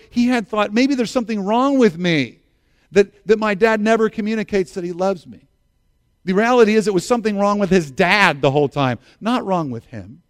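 A man's voice: on the high side, no room sound, studio quality. A middle-aged man, a pastor, preaching a sermon in an earnest way, repeating key phrases and calling on the congregation to respond.

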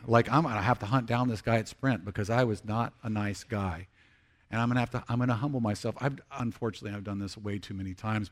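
A middle-aged man preaching a sermon as pastor, earnest, rising to emphatic peaks and dropping to hushed, slow confessions. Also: medium pitch.

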